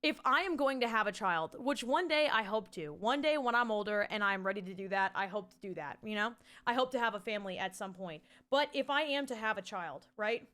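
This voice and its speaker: A young woman streamer in her twenties chatting casually with her viewers, swearing freely, laughing often and breaking into loud shouted bits. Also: medium pitch, animated, brisk, hardly any pauses. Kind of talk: casual live-stream chat.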